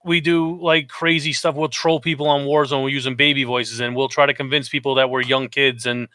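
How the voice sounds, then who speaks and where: A man's voice: mid-range voice, brisk, no echo. A man co-hosting a casual podcast, telling stories animatedly and acting out quotes. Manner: animated storytelling, acts out quotes. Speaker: podcast co-host.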